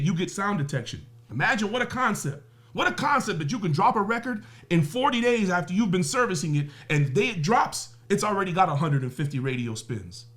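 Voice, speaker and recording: A man talking on a podcast as a guest, emphatic and profane, firing off rhetorical questions and everyday analogies. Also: fairly high pitch. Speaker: music business guest. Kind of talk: podcast interview talk.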